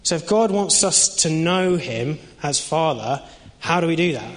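Young guy preaching casual and chatty, kinda high voice, big hall echo. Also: animated, a little slow. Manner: conversational, frequent fillers and restarts. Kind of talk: informal sermon. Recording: long reverb of a hall.

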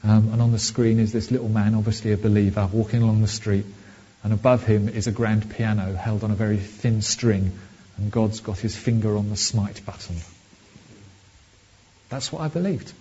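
A man preaching in a relaxed, conversational way to his congregation. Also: fairly low pitch, moderate pace, breathy edge, lo-fi sound. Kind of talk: sermon.

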